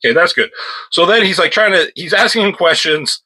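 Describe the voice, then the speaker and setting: A man's voice: high-pitched, animated, fairly quick, pushed and bright, breathy edge, low-quality recording. A man reviewing a comic book at home in an offhand, rambling chat, breaking off now and then to scold his cat.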